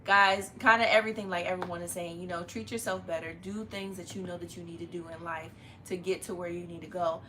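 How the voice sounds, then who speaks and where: A woman's voice: lowish voice, fairly even intonation, fast, sharp tone, slight background noise. A woman hosting a casual family livestream, chatting and greeting viewers by name. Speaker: live stream host. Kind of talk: casual live chat.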